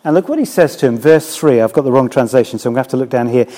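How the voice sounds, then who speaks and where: A man's voice: mid-range voice, rapid-fire, mellow, in a large hall. A man, a church minister, preaching a sermon in a candid, conversational way.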